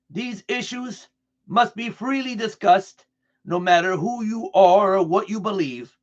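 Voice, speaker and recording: High-voiced man reading aloud earnestly. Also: muffled recording. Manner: earnest, deliberate delivery with restarts over words. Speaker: reader.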